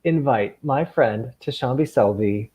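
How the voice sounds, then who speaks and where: A man hosting a kids' camp video call from his room at home, gushing and excitable. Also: medium pitch, a little slow, slightly rough. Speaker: guest host, camp counselor.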